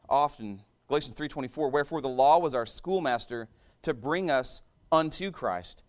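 His voice a little high, a man preaches to a congregation in a talky, informal way, circling back over phrases, starting them again, and breaking off for asides to the people listening.

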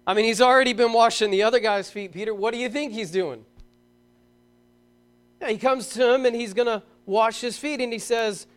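Preacher man, middle-aged, high voice, animated, emphatic, slow scripture reading. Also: clean tone, faint music behind. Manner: animated storytelling, emphatic bursts, reads scripture slowly. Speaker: pastor. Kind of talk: sermon.

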